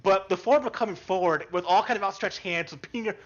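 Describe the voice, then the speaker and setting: A man's voice: high voice, fast, muffled recording. A man narrating as game master in an online tabletop game, rambling and restarting as he describes scenes and asks the player what he does.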